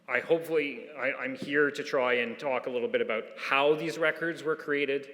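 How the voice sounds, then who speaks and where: A man lectures formally and earnestly to a conference, now and then restarting a phrase. His voice is bright and clear at a middle pitch, ringing with the long reverb of a big hall. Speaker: departmental historian. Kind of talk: conference presentation.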